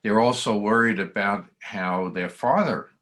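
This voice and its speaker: Slow, halting man leading a study. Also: fairly low pitch, a bit bright. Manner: halting, many restarts. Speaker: study group leader. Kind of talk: leading a video-call text study. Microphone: video call.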